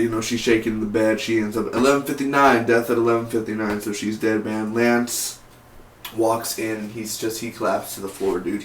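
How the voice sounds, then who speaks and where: A young man giving a casual vlog review of a TV episode in an excitable, slangy way, peppered with "man" and "dude". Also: on the low side, normal speed, slight background noise. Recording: roomy echo.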